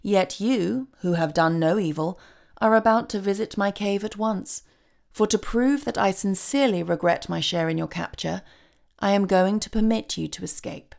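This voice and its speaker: A woman voicing a soft-spoken, regretful male demon of repentance in a storybook reading, pleasant and pleading in tone. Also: mid-range voice, normal speed, gravelly, lightly acted.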